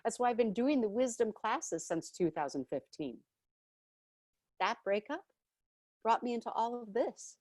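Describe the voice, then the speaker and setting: A woman teaching a live online spiritual class, telling stories with animated acted-out voices. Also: on the high side, measured pace, pauses often, no room sound, studio quality. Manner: animated storytelling, acts out voices.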